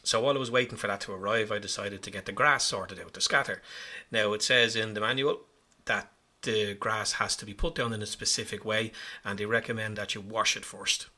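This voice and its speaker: Bright, husky-voiced man narrating his hobby. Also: on the low side, fairly even intonation, brisk. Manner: chatty, self-mocking, rambling. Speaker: hobby vlogger. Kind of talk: casual voice-over narration.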